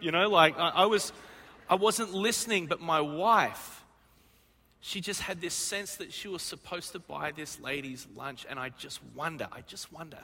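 A male pastor preaching a sermon, telling a story in an animated way and acting out the voices in it. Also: high-pitched. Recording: long reverb of a church hall.

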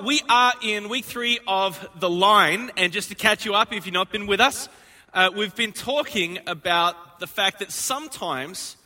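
Bright-voiced energetic pastor. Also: male voice, high-pitched. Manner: energetic, joking with the congregation. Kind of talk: sermon. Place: church auditorium.

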